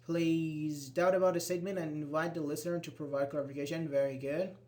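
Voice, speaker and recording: A man's voice: on the high side, fairly even intonation, a little fast, darkish tone. A man teaching an English grammar class, patiently explaining and reading out example sentences, with frequent restarts.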